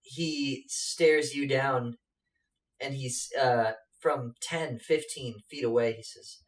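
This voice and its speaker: Halting game master in an echoey room. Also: male voice, mid-range voice, steady tone, recorded from a distance. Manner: halting, many fillers. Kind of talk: narrating a tabletop game.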